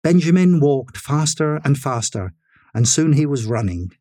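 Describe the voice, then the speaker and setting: A man narrating a story in a measured, expressive reading style. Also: medium pitch, dry recording, clean studio sound.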